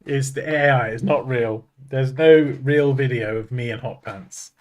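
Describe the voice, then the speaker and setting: A man's voice: medium pitch, measured pace. A man chatting casually while streaming from his desk at home, joking and laughing at himself as he talks. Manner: joking and self-mocking, laughs often. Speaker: streamer and design tutor. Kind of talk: casual live-stream chat.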